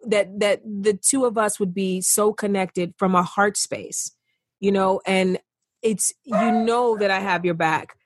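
A woman's voice: medium pitch, fairly even intonation, a little slow, dry recording, clean studio sound. A woman as a guest in a casual, heartfelt conversation on a remote call, affectionate and chatty with many restarts. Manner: affectionate, calls him honey.

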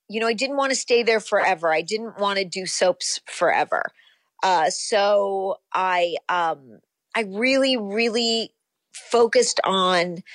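A woman in her fifties, an actress being interviewed, recalling her past in a relaxed, rambling way full of ums and you-knows. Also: mid-range voice, dry recording. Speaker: actress guest. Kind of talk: casual interview.

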